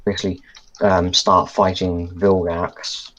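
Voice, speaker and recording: A man's voice: low voice, flat delivery, unhurried, fairly bright tone, dull audio, slight background noise. A man co-hosting a casual podcast chat, thinking aloud and restarting his sentences as he goes. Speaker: podcast co-host. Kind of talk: casual chat reviewing a cartoon episode.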